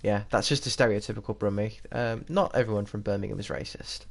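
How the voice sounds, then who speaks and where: A man's voice: on the low side, quick pace, gravelly. Rambling young English man, slightly posh. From United Kingdom. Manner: rambling, chatty, laughs at himself. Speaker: gaming YouTuber. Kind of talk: casual gameplay commentary. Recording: noisy recording with mouse clicks.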